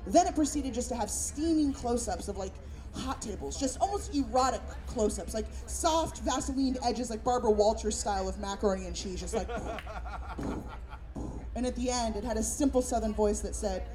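A woman's voice: a little high, moderate pace, mellow, faint music behind. A woman from San Francisco doing a brash, profane stand-up set as a storytelling comedian. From San Francisco, USA. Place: comedy club stage. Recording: live club with audience.

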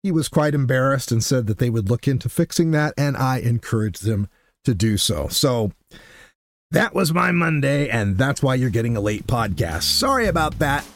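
A man hosting a casual solo podcast, telling stories in an animated way and acting out what people said. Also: mid-range voice, moderate pace, no room sound, studio quality, soft background music. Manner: animated storyteller who acts out quotes. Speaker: podcast host.

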